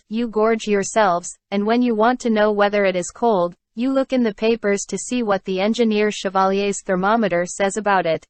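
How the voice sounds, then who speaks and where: A woman's voice: mid-range voice, no echo, close to an everyday voice. A woman voicing a ferocious, starving male innkeeper who rants with scorn, in a storybook reading. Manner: ranting, scornful.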